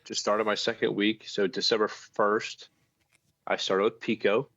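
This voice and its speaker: A man's voice: on the low side, flat delivery, measured pace, fairly bright tone, no echo, dull audio. A man co-hosting a casual chat, an electrician telling blunt work stories and swearing casually. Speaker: podcast co-host, electrician.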